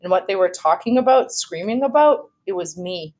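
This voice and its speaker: A woman reading a children's novel aloud in a steady storytelling voice, now and then correcting herself. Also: fairly low pitch, normal speed. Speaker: read-aloud host.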